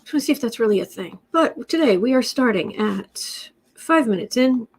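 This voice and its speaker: A woman in her forties from West Virginia hosts a tarot and astrology livestream. Her voice sits a little high. She talks in a chatty, loose way, thanks viewers by name and often starts a sentence over. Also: animated, normal speed, husky. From West Virginia, USA. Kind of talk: casual livestream chat.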